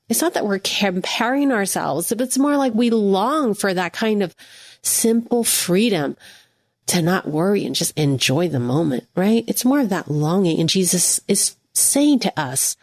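A woman giving an earnest devotional teaching, speaking gently to the listener as a friend. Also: mid-range voice, animated, a little slow, no room sound, clean studio sound.

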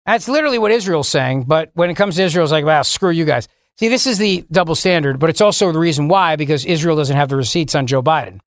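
Talk-radio host man, high-pitched and dry studio sound, indignant and sarcastic. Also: lively intonation, fast talker, few pauses, dry recording. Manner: indignant, sarcastic, mocking asides. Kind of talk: political talk radio commentary. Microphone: studio microphone.

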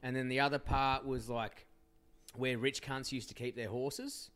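A man's voice: medium pitch, steady tone, a little slow, fairly bright tone. An Australian man from Perth, a podcast guest in a casual, sweary chat, telling stories in a laid-back way. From Perth, Western Australia.

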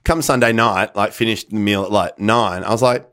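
A man's voice: on the low side, moderate pace, fairly bright tone. A man in his thirties, co-hosting a podcast, talking in a rambling, hesitant way with many restarts. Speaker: podcast co-host. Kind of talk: casual banter.

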